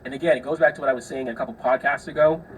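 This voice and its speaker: A man's voice: mid-range voice, fairly even intonation, racing, far from the mic, slight background noise, low-quality recording. A young man hosting a podcast, telling stories in a loose, chatty way, swearing freely and acting out the people he describes. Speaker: podcast host. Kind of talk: casual solo storytelling.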